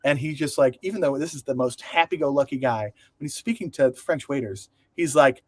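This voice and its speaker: A man's voice: mid-range voice, a little fast, few pauses, no echo. A man co-hosting a talk show, chatting in a rambling, joking way and often correcting himself. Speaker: podcast co-host. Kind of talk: casual discussion.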